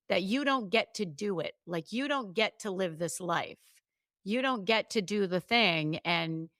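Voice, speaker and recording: A woman's voice: fairly low pitch, no echo. Chatty woman host, dry close sound. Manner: animated storyteller, quick asides and restarts. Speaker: podcast co-host and coach. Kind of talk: casual podcast chat.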